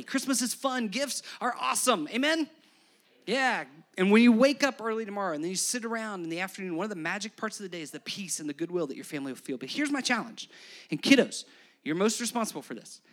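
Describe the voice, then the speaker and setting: A man preaching a Christmas Eve sermon, animated and playful, speaking to the kids and parents in the room. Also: high voice, fast talker. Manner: animated, playful asides to children. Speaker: pastor.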